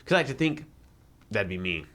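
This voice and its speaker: A man's voice: on the low side, very animated, fairly bright tone. A man co-hosting a casual film podcast, rambling and joking at his own expense. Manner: rambling, self-deprecating, quick asides. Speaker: podcast co-host. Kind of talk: casual chat.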